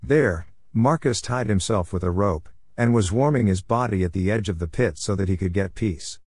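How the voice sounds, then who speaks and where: Male recap narrator, lowish voice, steady and even, dry close sound. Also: moderate pace, husky, dry recording. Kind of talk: scripted plot narration.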